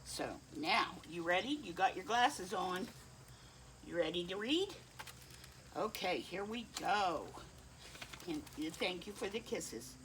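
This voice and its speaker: A woman reads a children's picture book aloud at an unhurried pace. Her pitch climbs and dips playfully. She pauses to chat kindly with her dog between pages. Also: a little hiss or hum. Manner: slow, lively, kindly reading with asides to a pet dog. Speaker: storytime reader.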